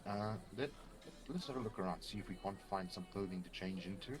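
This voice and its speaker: A man voicing a cautious adventurer who talks hesitantly and quietly. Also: low-pitched, a little fast, music in the background, natural voice. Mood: uneasy.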